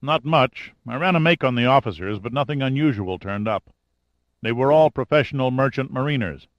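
Male narrator playing a relaxed investigator on the phone, dull lo-fi recording. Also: medium pitch, fairly quick, no echo, close to an everyday voice. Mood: matter-of-fact. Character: friendly male private investigator.

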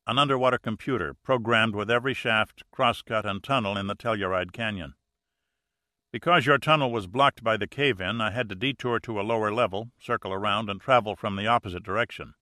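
A calm, wry male diver , read by a man narrator, speaks with dry understatement. The voice sits low yet bright and forceful. The recording is close and dry, like an audiobook. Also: fairly quick, dry recording. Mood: matter-of-fact. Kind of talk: audiobook character reading.

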